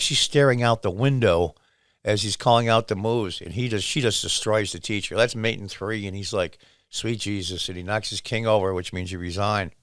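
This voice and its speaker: A man's voice: lowish voice, dry recording, clean studio sound. A man hosting his own channel, casually retelling a series scene by scene with quoted lines. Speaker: show host.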